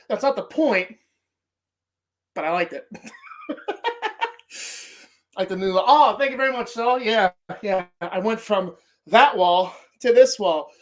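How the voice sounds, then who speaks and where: Swearing, excitable man ranting about movies. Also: high-pitched, slow pace, long pauses. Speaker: podcast host. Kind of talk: casual movie-ranking rant.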